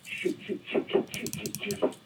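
A man's voice: unhurried, a little mellow, recorded from a distance, a little hiss or hum, close to an everyday voice, poor audio. A man playing a frightened young friend who is running at night, talking urgently over the phone and out of breath. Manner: breathless, urgent, whispering at times.

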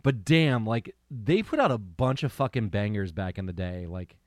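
Man, podcast co-host, casual chat, lively swings in pitch, dry close sound, lots of "like" and swearing. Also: moderate pace, dry recording. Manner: animated, swears a lot, rambling with fillers.

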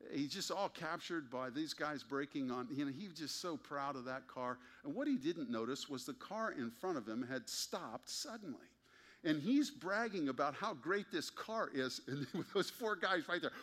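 A man's voice: a little high, fairly bright tone. A man preaching a sermon to his congregation, emphatic and wry, often asking pointed rhetorical questions. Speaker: pastor.

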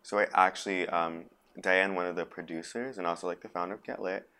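A man's voice: low-pitched, a little fast. A young man, a poet and actor, chatting as a podcast guest and acting out the voices of people he quotes. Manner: animated, acts out quoted voices of others. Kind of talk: casual interview conversation.

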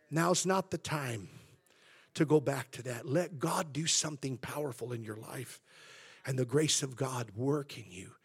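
A man preaches with a gravelly, husky voice at a mid pitch. He climbs louder and higher to drive points home, then sinks to a near whisper. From Southern California. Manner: swells loud and high for emphasis, then drops to hushed tones. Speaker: pastor. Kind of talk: sermon.

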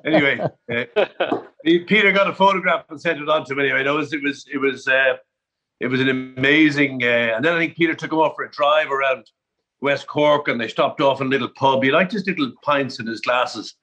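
A man's voice: mid-range voice, brisk, sharp tone, dull audio. An Irish man telling golf anecdotes on a panel in a chatty way, often repeating words as he starts a sentence. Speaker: panel guest. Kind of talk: anecdotal storytelling.

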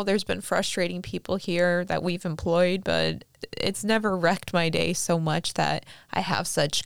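A woman's voice: on the low side, creaky, clean tone, no echo, studio quality. A young adult woman hosting a podcast, chatting casually and rambling with lots of fillers. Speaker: podcast host. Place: Fresno, California.

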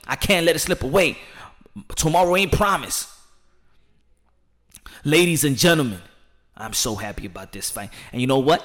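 A man hosting a boxing channel, talking excitably and loudly with lots of slang and repetition before an interview. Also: medium pitch, brisk. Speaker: boxing show host. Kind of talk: hyped-up channel talk and interview.

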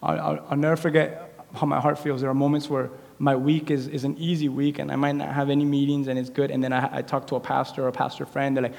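A pastor preaching a sermon in a church, swinging between quiet, intimate lines and loud, animated appeals. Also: male voice, mid-range voice, quick pace, vocal fry, few pauses, in a large hall. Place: church sanctuary.

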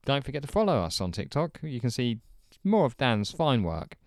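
A man's voice: mid-range voice, sing-song, moderate pace, no room sound. A man hosting a podcast, chatting in a rambling, friendly way and correcting himself as he goes. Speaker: podcast host. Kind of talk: casual podcast sign-off.

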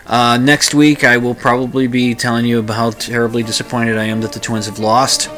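Male solo talk-radio host, casual and rambling, mid-pitched voice. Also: flat delivery, fairly quick, fairly bright tone, faint music behind. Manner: rambling with frequent restarts. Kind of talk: casual solo podcast monologue.

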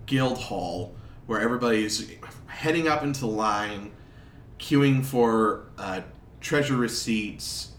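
A man running a tabletop game as game master, narrating in a relaxed, descriptive way, recorded from a distance in an echoey room. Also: mid-range voice. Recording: roomy, distant mic with faint noise.

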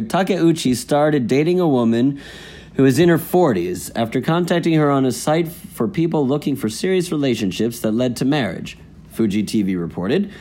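A man's voice: medium pitch, warm tone. Man reading news items on a podcast. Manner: reads news items aloud, dry asides. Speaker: host. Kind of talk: casual podcast news chat.

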